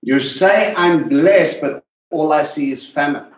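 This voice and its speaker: A man preaching a sermon in an animated way, swinging between loud and hushed, and speaking directly to the people in the room. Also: on the high side, slow pace. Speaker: teacher. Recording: echoey room.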